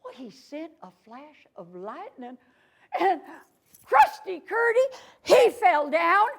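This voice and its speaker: A woman's voice: very high voice, sing-song, slow pace, vocal fry. A woman storyteller in a folksy cowgirl persona, telling a story to children in a library story room and having them repeat lines after her.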